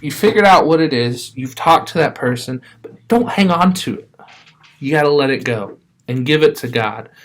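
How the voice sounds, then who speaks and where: A man, as a pastor, giving a casual, conversational sermon with frequent restarts, reading scripture more slowly and softly. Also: mid-range voice.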